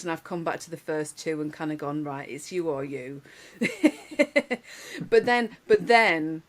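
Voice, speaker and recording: A woman, telling lively anecdotes in casual podcast chat, laughing often. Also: low-pitched. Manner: animated storyteller, laughs often, many restarts. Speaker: podcast guest.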